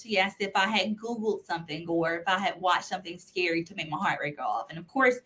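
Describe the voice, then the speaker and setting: A woman's voice: fairly low pitch, animated, quick pace, a bit bright. A woman guest on a podcast, recounting a personal story in earnest detail and acting out what others said. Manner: earnest storytelling, acts out quoted voices.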